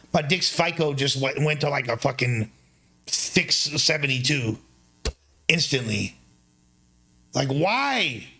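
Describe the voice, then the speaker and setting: A man's voice: on the high side, bright, forceful tone. A young man hosting a livestream, telling a story in a rambling, profane way full of loose slang. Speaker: streamer.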